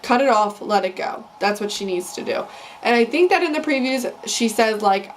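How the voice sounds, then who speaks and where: A woman's voice: a little high, animated, moderate pace, a little hiss or hum. A young woman vlogging, casually and heatedly sharing her opinions in a rambling rant. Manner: opinionated, ranting. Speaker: vlogger recapping a reality show. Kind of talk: casual chat.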